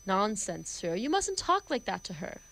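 A woman's voice: mid-range voice, big pitch swings, normal speed, creaky, a bit bright, exaggerated voice, rough recording. A woman reading the part of a stern, proper middle-aged housekeeper, prim and scolding. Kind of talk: amateur play reading.

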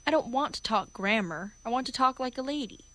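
A woman's voice: on the high side, expressive, brisk, fairly bright tone, pitched above the performer's own voice. A woman reading the part of a defiant young flower girl with a Cockney accent, indignant and protesting. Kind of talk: amateur play reading.

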